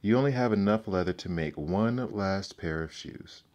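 A man's voice: deep voice, normal speed, a little mellow, highs cut off, close to an everyday voice. A man reading aloud and voicing an old shoemaker's wife in a storybook, weeping and anxious.

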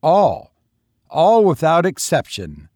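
A man voicing a calm, gentle male Bodhisattva who speaks in a reassuring way. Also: on the high side, takes it slowly, no room sound, clean studio sound, voice pushed up, heavily acted.

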